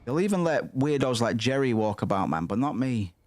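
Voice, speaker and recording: Casting: young man, rambling sweary gamer, dry close mic, mid pitch. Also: very animated, fairly quick, dry recording. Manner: sweary, rambling, muttering asides. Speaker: gaming streamer. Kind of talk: casual gameplay commentary.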